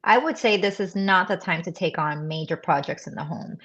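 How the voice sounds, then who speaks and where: A woman co-hosting a casual advice chat, explaining points about selling a home in a measured way. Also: fairly low pitch, fairly bright tone. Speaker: real estate agent co-host. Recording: dull lo-fi audio.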